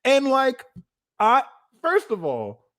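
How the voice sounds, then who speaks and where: A young man doing a live tarot reading, telling stories in a casual, slangy way and now and then bursting into loud acted-out lines. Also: very high voice, takes it slowly. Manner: animated, slangy, swings into loud acted-out exclamations. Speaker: tarot reader.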